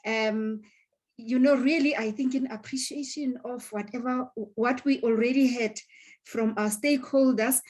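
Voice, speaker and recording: A woman acting as program director at a library event, giving slow, effusive praise to the speakers. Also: a little high, steady tone, darkish tone. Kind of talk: emceeing an event.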